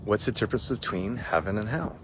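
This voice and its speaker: A man's voice: on the low side, a little fast, background noise, close to an everyday voice. A man voicing a hot-tempered, unkempt male samurai who keeps pressing a question in a told story. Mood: demanding. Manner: demanding, impatient.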